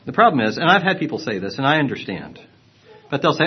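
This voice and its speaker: A man teaching a lesson on Bible translations, explaining earnestly, clearing his throat and restarting phrases. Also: medium pitch, very animated, quick pace, dull audio.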